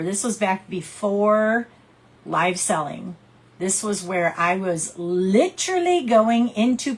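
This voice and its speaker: A woman talks to her team in a loose, chatty coaching style. Her voice is soft and breathy, at an ordinary pitch. She encourages them and acts out small scenes as she goes. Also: rough recording. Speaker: direct sales team leader. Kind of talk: casual coaching talk to a team.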